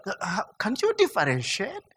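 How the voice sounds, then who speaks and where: Guy preaching, high bright voice, stammers then gets loud and emphatic, big echoey hall. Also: moderate pace, breathy edge. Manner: animated, mimics mock prayer sounds and laughs; stammering restarts, rising to emphatic peaks. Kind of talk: sermon. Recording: long hall reverb.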